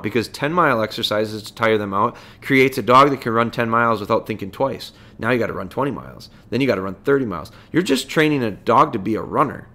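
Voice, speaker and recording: A man's voice: medium pitch, a bit bright. A man hosting a podcast, giving casual dog training advice in a folksy way, full of rhetorical questions.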